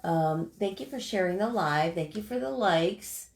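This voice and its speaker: A middle-aged woman co-hosting a casual live stream from home, chatty and quick to laugh as she reads out viewers' names. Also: fairly low pitch, animated, echoey room.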